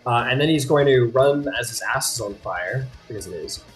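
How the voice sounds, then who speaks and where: A man narrating a tabletop game as game master, relaxed and rambling with many fillers. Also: medium pitch, normal speed, soft background music.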